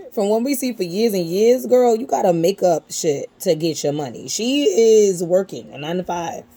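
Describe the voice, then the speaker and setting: A woman's voice: mid-range voice, expressive, moderate pace, warm tone. A woman hosting a casual commentary channel, talking back at a clip in a sassy, mocking way.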